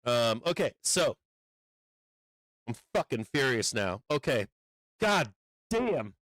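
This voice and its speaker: A man hosting a live stock trading stream, talking through charts and swearing loudly when a trade turns against him. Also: mid-range voice, slow pace, no room sound. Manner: profane, swings from calm chart talk to furious outbursts. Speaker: livestream trading host. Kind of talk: live market stream commentary.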